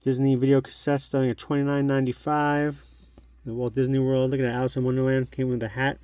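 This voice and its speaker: This is a middle-aged man talking fast about an old magazine at home for his collectibles channel. His medium-pitched voice stays level and mellow on a dry recording, and his manner is chatty and nostalgic as he thinks aloud.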